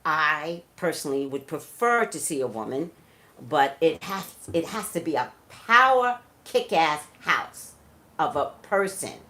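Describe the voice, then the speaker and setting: A woman hosting her own live stream, talking unhurried and emphatic as she lectures her viewers. Her voice sits somewhat low, and she spells things out with pointed repetition. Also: fairly bright tone. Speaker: psychic reader and host. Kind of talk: casual live-stream commentary.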